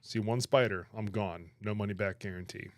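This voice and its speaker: A man chatting on his livestream, animated and laughing, protesting in exaggerated disbelief. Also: fairly low pitch, moderate pace, no room sound. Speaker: streamer reacting to chat. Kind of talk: casual livestream chat.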